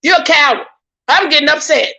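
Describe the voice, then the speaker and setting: A woman, holding forth on a live stream in a high, ringing voice. She sounds indignant and preachy, hammers her points again and again and trips over her words when she gets worked up. She keeps turning to her viewers as "y'all.". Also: fairly quick, gravelly, sharp tone. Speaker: YouTube commentator. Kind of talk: heated live-stream commentary.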